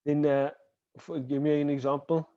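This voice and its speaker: A man's voice: a little high, level tone, dark tone, no echo. Man teaching over a dull online call. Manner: patient explaining, checks in with "right?"; slowly spells out example words. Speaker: Arabic teacher. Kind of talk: online class lecture. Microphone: video call.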